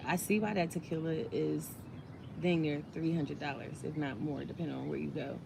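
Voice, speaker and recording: Laid-back woman chatting, low voice. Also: fairly even intonation, normal speed, gravelly, noisy background. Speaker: vlogger. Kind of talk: casual chat while eating.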